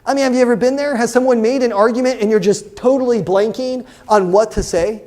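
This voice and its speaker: A young man teaching a debate class, lively and constantly asking his students questions. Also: very high-pitched, a little fast. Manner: animated, asks the class questions. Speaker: debate instructor. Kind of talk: classroom lecture.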